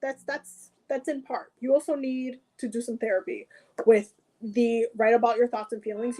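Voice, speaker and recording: Warm, mellow woman giving a card reading. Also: on the high side, rough recording. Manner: addresses viewer directly, repeats points, frequent "okay?". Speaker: tarot reader. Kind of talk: spoken oracle card reading.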